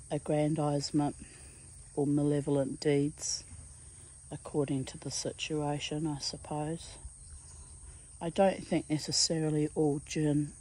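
New zealand lady, slow intense storytelling, dark humor, low voice. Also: slightly rough, rough recording. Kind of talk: casual monologue.

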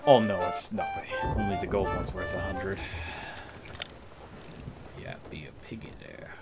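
A man's voice: low-pitched, a little slow, gravelly, over loud music. A young man streaming a game, chatting casually with lots of swearing and laughter. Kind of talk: casual gaming chat. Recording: game sounds in the background.

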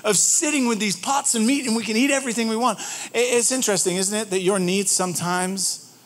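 Male pastor, high voice, casual sermon delivery, animated, questions the room, frequent restarts. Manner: animated, asks the audience questions, repeats words as he restarts. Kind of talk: conversational sermon.

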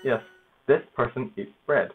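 A man casually narrating his own language practice, halting over foreign words and laughing at himself. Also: medium pitch, over loud music. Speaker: language learner. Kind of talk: casual self-narrated study session. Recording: tinny phone-like noisy recording.

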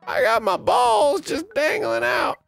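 A talking video game tree with a very high, squeaky falsetto and a cheerful, resigned manner. Behind the voice, faint music plays. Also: male voice, sing-song, slow pace, gravelly, a bit bright, full character voice. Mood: cheery.

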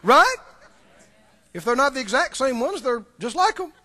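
High, lively-voiced preacher man. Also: normal speed. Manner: emphatic, repetitive, direct address to congregation. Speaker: pastor. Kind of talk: sermon.

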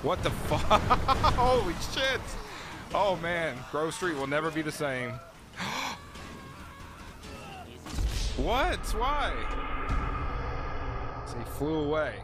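Excitable male speedrunner, high voice that swings widely, slow deliberate talk, swears and yells at failures. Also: music in the background. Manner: excitable, swears a lot, shouts when a run fails. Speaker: speedrunner streaming his own game runs. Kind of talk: casual gameplay commentary.

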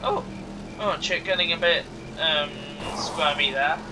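A man's voice: fairly high pitch, a little slow, distant mic, music in the background, poor audio. A man hosting a let's play, rambling and stumbling over words while he races, with a cough. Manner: rambling, stammers and repeats. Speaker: gaming channel host.

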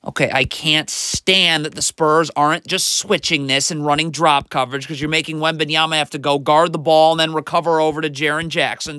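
A man with a high, bright voice talks through game footage like a coach. He is exasperated and critical. The sound is dry and close with no room echo. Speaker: basketball film analyst. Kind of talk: film breakdown commentary.

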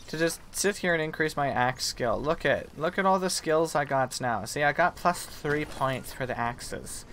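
A young man with a fairly high, expressive, fairly bright voice speaks at a moderate pace while playing a survival game. His chatty commentary is self-mocking, and he offers mock apologies to the game's animals. A little hiss or hum is audible in this gaming video.

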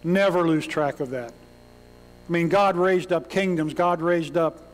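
A man's voice: fairly high pitch, slow pace. A man preaching a sermon in a church, telling the story dramatically and crying out the lines of the people in it. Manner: dramatic storytelling preacher who acts out cries. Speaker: pastor. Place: church sanctuary. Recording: long hall reverb.

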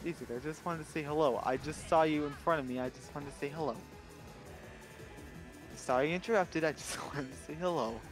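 A man's voice: on the high side, fairly quick, faint music behind, low-quality recording. A man in a casual gaming chat, eager and apologetic, repeating himself. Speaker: gaming guest.

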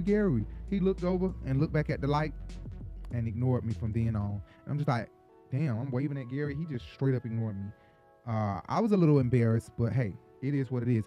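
A man from Atlanta, hosting an entertainment gossip show in a chatty, profane, animated storytelling manner. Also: mid-range voice. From Atlanta, Georgia. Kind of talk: casual gossip commentary.

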